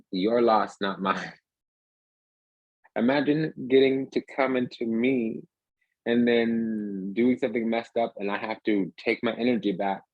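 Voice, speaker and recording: A man's voice: on the low side, a little mellow, no echo, poor audio. A man giving a rambling, emphatic casual tarot reading, talking restlessly from card to card. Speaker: tarot reader.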